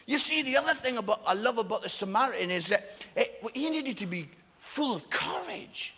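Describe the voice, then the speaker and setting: A man's voice: very high voice, animated, moderate pace, bright, forceful tone, husky. A man preaching a sermon, passionate and emphatic, with jokes along the way. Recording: long echoing hall reverb.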